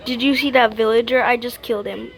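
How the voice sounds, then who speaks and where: High-voiced woman playing a game. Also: fairly even intonation, quick pace. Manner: playful, mock-scared pleading. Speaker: gamer. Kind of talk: game commentary.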